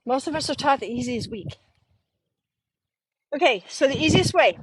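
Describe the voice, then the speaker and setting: Middle-aged woman, high voice, dry close sound, animated storyteller, casual talk. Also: no room sound. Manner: animated, acts out quoted voices, laughs often. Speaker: podcast host.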